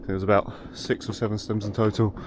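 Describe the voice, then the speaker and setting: A man's voice: lowish voice, level tone, fairly quick. A man working as a tree surgeon, giving a matter-of-fact, casual rundown of the job. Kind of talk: casual vlog narration. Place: outdoor work site. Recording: noisy outdoor recording.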